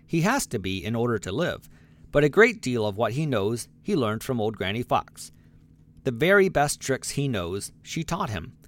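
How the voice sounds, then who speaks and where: A man narrating a children's storybook aloud, lively and expressive, giving the animals their own voices. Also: mid-range voice, normal speed. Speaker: audiobook narrator.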